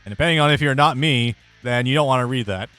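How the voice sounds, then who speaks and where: A man's voice: medium pitch, fast talker, sharp tone, smooth, faint music behind. A man hosting a let's play, chatting casually about the game, stammering and restarting his words and swearing freely. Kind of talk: casual gaming chat.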